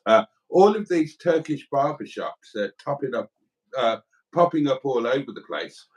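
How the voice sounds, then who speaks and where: A man's voice: mid-range voice, low-quality recording. A middle-aged man co-hosting a livestream, telling rambling, crude, joking anecdotes in casual banter. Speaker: livestream co-host.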